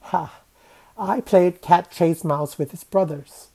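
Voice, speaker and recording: A woman reading a children's story aloud, expressive and changing her voice for each character. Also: lowish voice, a little slow, rough recording.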